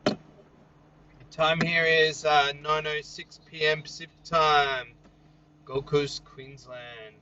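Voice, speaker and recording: A young Australian man hosts an easygoing outdoor livestream at night, reading viewer comments, joking and chuckling often. His slightly high voice is pushed and bright yet flat, slow, and full of pauses. The audio is dull, with a little hiss or hum.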